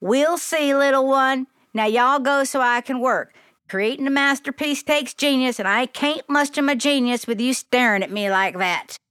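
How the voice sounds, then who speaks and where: A woman's voice: high voice, moderate pace, a bit bright, clean tone, no echo, studio quality, pitched above the performer's own voice. A woman voicing a glamorous, eccentric female seamstress bee with a Southern accent and a bossy, drawling manner. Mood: sassy drawl.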